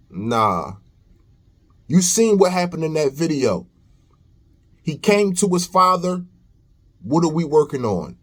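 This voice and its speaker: A young man speaks slowly and deliberately in a high voice. He lectures in reaction-video commentary, emphatic and preachy, hammering points home by repetition. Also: breathy edge. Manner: preachy, emphatic, repeats phrases. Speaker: commentary host.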